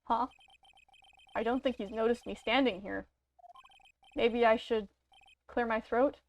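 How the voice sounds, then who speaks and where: A woman's voice: fairly high pitch, steady tone, a little slow, lo-fi sound. A woman doing amateur voice acting for an earnest young male defense lawyer in a video game, questioning things in an earnest way.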